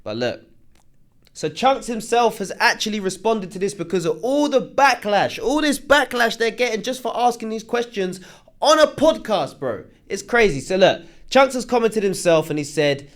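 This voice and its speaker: A young man talks through online drama in a loose, chatty way, stopping to read viewer comments aloud. His voice sits a touch high for a man, and he breaks up his commentary with slangy asides. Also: very animated, normal speed, a bit bright. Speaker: commentary host. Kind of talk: casual reaction commentary.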